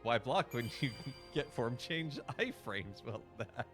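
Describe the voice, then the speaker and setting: A man's voice: mid-range voice, expressive, slow, fairly bright tone, faint music behind. A priest hosting a game livestream, chatting casually with his viewers and laughing often. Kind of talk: casual livestream gaming commentary.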